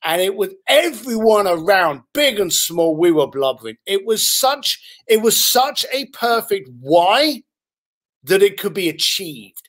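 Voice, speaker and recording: A male podcast guest with a high, sing-song, fairly bright voice relates his anecdotes at a measured pace. Animated throughout, he acts out the voices of the people involved.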